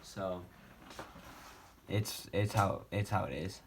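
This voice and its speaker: A man's voice: low voice, takes it slowly. A young man casually telling a personal story on his vlog, rambling with many fillers and restarts, speaking from a wheelchair at home. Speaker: vlogger.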